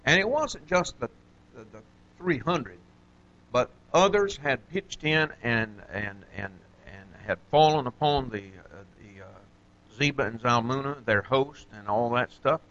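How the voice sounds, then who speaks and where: A man's voice: medium pitch, animated, measured pace, fairly bright tone. A man teaching an informal Bible study, talking conversationally with many fillers and questions to his listeners. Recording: dull lo-fi recording.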